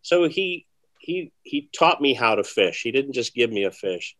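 Soft-spoken rambling magician. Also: male voice, unhurried. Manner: rambling and conversational, many fillers and restarts; often soft and low, with lively bursts. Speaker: magician, interview guest. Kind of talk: casual interview storytelling.

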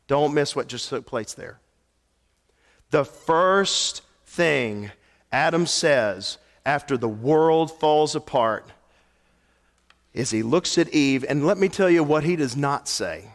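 A man preaching a sermon as pastor, telling stories and moving between hushed lines and animated ones. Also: a little high, slow pace. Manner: storytelling, swings from hushed to animated. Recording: long hall reverb.

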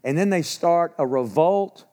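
A pastor delivers a sermon in a church in Texas, telling it as a folksy, lively story. His voice sits high for a man. He drops in asides and acts out quotes as he goes. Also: unhurried. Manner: folksy, animated storytelling with laughs and acted quotes.

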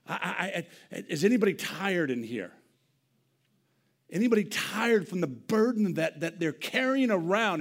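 A man preaching a sermon in a church, dropping to hushed near-whispers and then rising to loud, impassioned bursts, repeating and restarting his words. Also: on the high side, very animated, fairly quick, creaky, breathy edge. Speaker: pastor. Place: church sanctuary.

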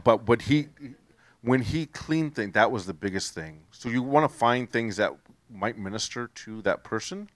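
A man's voice: on the low side, fairly bright tone, no room sound. A man sharing his faith testimony with a group, earnest and rambling, often restarting his sentences.

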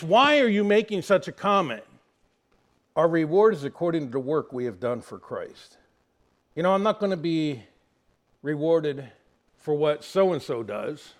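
Emphatic pastor preaching a plain sermon. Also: male voice, fairly high pitch. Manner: folksy, swings from loud emphatic to quiet confiding.

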